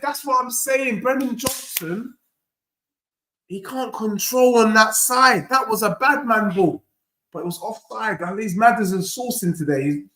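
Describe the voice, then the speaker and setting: Young fan-host, animated slang commentary, slightly high voice, echoey room. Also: male voice. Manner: animated, slangy banter reacting to play. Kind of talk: live football watchalong commentary.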